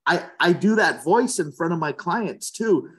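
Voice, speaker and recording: Man, real estate agent, casual interview, passionate, opinionated, repeats words, slightly high voice. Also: animated, unhurried, a bit bright.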